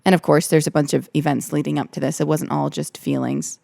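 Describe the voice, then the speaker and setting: Young woman podcaster, gravelly low voice, candid and earnest, repeats herself a lot. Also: little pitch movement, brisk, warm tone, dry recording. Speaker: podcast host. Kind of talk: personal storytelling podcast.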